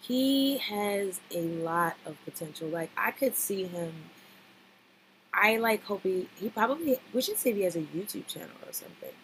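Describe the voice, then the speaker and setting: A woman's voice: medium pitch, lively intonation, normal speed, a little hiss or hum, rough recording. A woman hosting a casual podcast, chatting and gushing as she reacts to a TV episode. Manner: chatty and gushing, lots of fillers. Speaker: podcast host reacting to a reality show. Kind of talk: casual chat.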